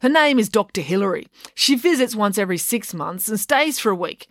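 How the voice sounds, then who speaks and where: A woman's voice: mid-range voice, animated, fairly quick, no echo, voice pushed up, lightly acted. A woman voicing a blunt, matter-of-fact small-town constable.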